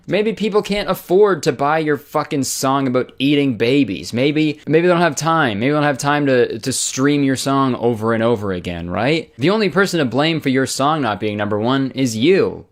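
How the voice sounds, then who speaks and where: A man's voice: mid-range voice, lively intonation, moderate pace, hardly any pauses. Sarcastic man doing comedic commentary. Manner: sarcastic, exasperated, swears casually.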